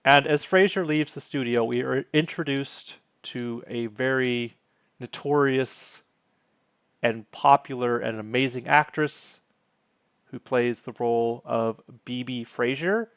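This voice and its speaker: A man's voice: mid-range voice, slow, fairly bright tone, clear, resonant tone, no echo, clean studio sound. A man hosting his own channel, casually recapping a sitcom episode, wandering off on tangents and correcting himself as he goes.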